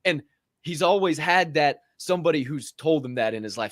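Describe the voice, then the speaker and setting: A man co-hosts a casual podcast, telling stories in an animated, emphatic way and swearing freely. His voice sits a bit high, and the recording is dry and close. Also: normal speed, no room sound. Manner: animated, profane, emphatic storyteller. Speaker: podcast co-host.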